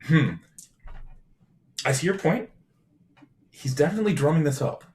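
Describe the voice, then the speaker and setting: A man voicing his character in a tabletop game, animated and quick to argue. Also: on the high side. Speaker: player. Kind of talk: in-character tabletop role-play.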